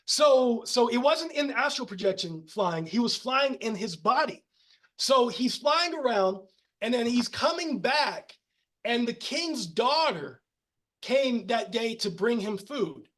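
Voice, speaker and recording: High voiced american guy on a podcast, animated, lots of restarts and laughs. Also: slow. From United States. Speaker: podcast guest. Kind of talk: casual storytelling conversation.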